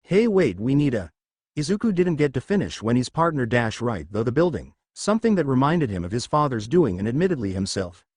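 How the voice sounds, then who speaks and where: Guy reading fanfic out loud, animated storytelling, super dry close mic. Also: medium pitch, quick pace, hardly any pauses, no echo. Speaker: fanfic narrator. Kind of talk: reading a fan story aloud.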